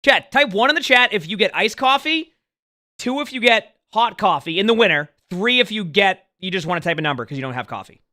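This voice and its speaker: A man's voice: high-pitched, expressive, brisk, sharp tone, dry recording, studio quality. A man streaming live, rambling casually and talking to his chat. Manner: rambling, chatty, talks to chat.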